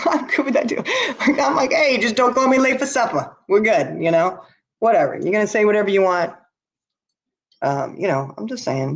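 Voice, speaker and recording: A woman's voice: on the low side, dull audio. A tired woman hosting a casual livestream, talking bluntly and answering her chat as she goes. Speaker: livestream host. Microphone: laptop or webcam.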